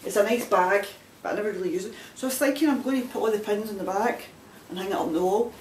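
A woman's voice: medium pitch, fast talker, a little mellow. Chatty Scottish woman in a roomy space. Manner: chatty and rambling, with frequent laughs. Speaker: knitting vlogger. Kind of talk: casual chat showing items to camera. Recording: roomy sound from a distant mic with faint background noise.

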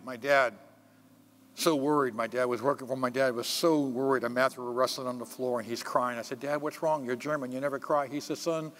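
An older man, a pastor, preaching a sermon in a church sanctuary and telling personal stories, swinging between loud preaching and hushed asides. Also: medium pitch, slight background noise.

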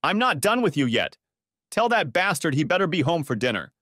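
A man voicing a furious, shrill woman who yells and curses, in a storybook reading. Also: very animated, normal speed, no room sound, clean studio sound. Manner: yelling, cursing, shrill.

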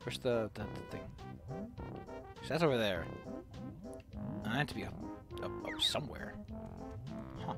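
A man streaming a game, joking and mocking himself, with sudden loud outbursts. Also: medium pitch, huge pitch swings, unhurried, pauses often. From Netherlands. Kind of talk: casual gameplay commentary. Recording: game music playing behind.

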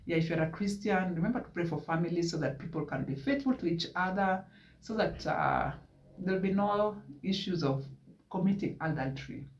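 A man's voice: high voice, brisk. A man with a Kenyan accent telling a story casually in a vlog, slipping in Swahili words as he goes. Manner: animated retelling with Swahili asides. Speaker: vlogger. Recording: echoey room from a distance.

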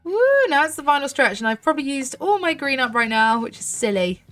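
A woman's voice: high-pitched, expressive, fairly quick, fairly bright tone, soft background music. A 30-year-old British woman chatting through gameplay as a host, bubbly and thinking aloud, with little gasps and squeals. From United Kingdom. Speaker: gaming channel host. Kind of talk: casual gameplay commentary.

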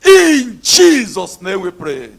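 A man preaching a sermon who moves between hushed talk and shouted, repetitive prayer declarations. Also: high voice, huge pitch swings, slow pace, creaky.

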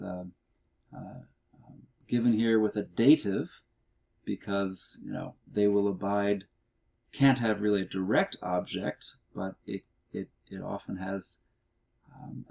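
A middle-aged man explaining grammar in a recorded language lesson walkthrough, reading words out slowly and methodically. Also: fairly low pitch, vocal fry, a little mellow. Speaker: Greek teacher.

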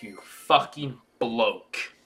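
A man's voice: mid-range voice, expressive, extremely slow, sharp tone, faint music behind. A young man giving casual let's-play commentary as a gaming YouTuber, swearing and ranting in exasperation at the game.

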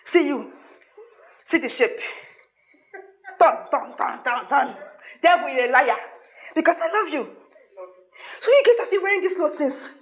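A woman's voice: sits high, animated, measured pace, long pauses, reverberant. An actress with a Nigerian accent playing a remorseful woman who begs her friends to forgive her, swinging between pleading and frantic laughing. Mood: relieved. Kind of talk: Nollywood film acting.

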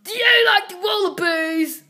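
A girl voicing a pushy female singer who loudly and insistently repeats one question. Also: sits high, fairly even intonation, brisk, close to an everyday voice. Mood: pushy, shouting. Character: pushy shouting wallaby-obsessed female singer.

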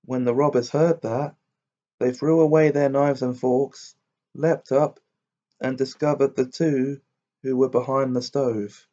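A man reading a fairy tale aloud in a measured, unhurried way. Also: mid-range voice, fairly even intonation, warm tone, highs cut off. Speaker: storyteller.

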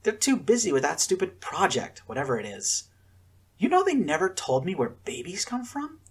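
A man's voice: high-pitched, wildly swooping pitch, normal speed, slightly rough, pitched above the performer's own voice, heavily acted. A man voicing a blunt, sardonic fourteen-year-old girl in a storybook.

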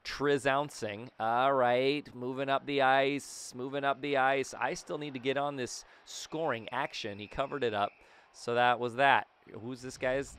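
A young man giving casual, jokey commentary over his own hockey video game, breaking into loud excited outbursts. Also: mid-range voice, smooth. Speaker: gaming YouTuber.

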